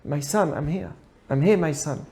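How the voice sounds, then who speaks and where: A man voicing a patient, kind old rabbi who speaks softly and calmly. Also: a little high, normal speed, pitched below the performer's own voice, lightly acted. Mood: gentle. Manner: soft, calm and fatherly.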